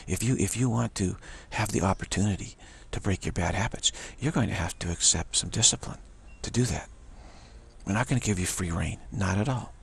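Gravelly, husky-voiced man preaching. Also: deep voice. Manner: rambling, repetitive, with many restarts and emphatic declarations. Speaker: spiritual teacher. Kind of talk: informal religious sermon.

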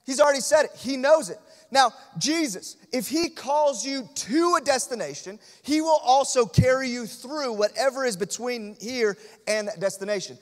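Impassioned pastor with a high voice, reverberant. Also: male voice, lively intonation, normal speed. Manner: swings from hushed to loud, with emphatic repetition. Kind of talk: sermon. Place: church sanctuary.

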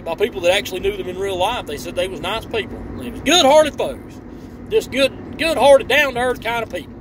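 A man delivering a rambling, sarcastic and profane rant, recorded outdoors near a road. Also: high-pitched. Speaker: online commentator. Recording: distant mic with loud traffic noise.

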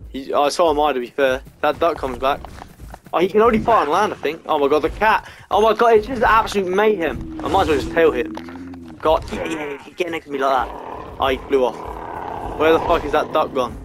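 A man giving let's-play game commentary, swearing a lot and swinging between frustration and excitement. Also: on the high side, fairly quick. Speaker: gamer.

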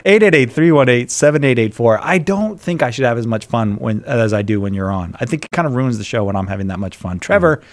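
A man hosting a live call-in radio show, jovial and quick to laugh, with many fillers. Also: medium pitch, lively intonation.

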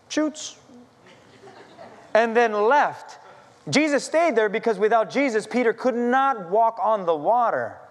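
A pastor preaching a sermon, telling an animated story with self-deprecating humor. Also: male voice, sits high, long reverb tail. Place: church sanctuary.

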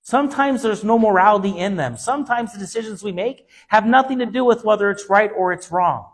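A male pastor delivers a sermon in a very high-pitched voice. He preaches with an emphatic, repetitive rhythm, hammering on the same phrases. He moves between hushed, low passages and louder, lifted ones. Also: fairly quick.

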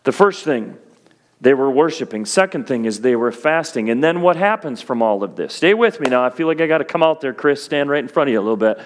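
A man's voice: mid-range voice, lively intonation, fairly quick. A male pastor preaching a sermon in an earnest, encouraging way, with homely humorous asides to his congregation.

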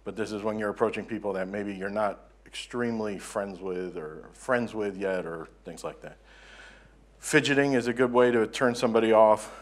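A man from the southern United States giving a relaxed, self-deprecating conference presentation in a conference room. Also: lowish voice, normal speed. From Southern United States (Florida). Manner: conversational, self-deprecating, joking. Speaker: conference speaker.

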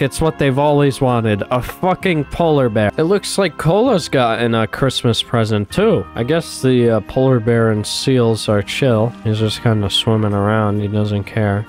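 A young man giving excitable, swearing commentary while playing a game and talking to his animals. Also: mid-range voice, unhurried, hardly any pauses, soft background music. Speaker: gaming YouTuber. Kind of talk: casual gameplay commentary.

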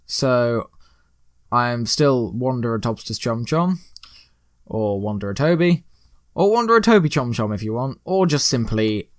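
A man's voice: medium pitch, expressive, a little slow, dry recording, clean studio sound. A man hosting a let's play, giving rambling, joking gameplay commentary full of puns. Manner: rambling, joking, pun-loving.

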